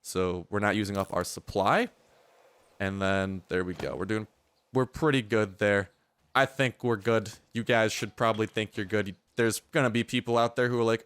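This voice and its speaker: A man's voice: lowish voice, a little fast, fairly bright tone, clear, resonant tone. A young man giving rambling, joking commentary while playing a survival video game. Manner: joking, rambling, playful mock speeches. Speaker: gaming YouTuber. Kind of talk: casual gameplay commentary.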